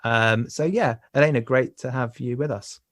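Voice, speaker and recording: A man hosting a conversational podcast interview, halting and often repeating words as he talks. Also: medium pitch, no echo, studio quality. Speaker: podcast host.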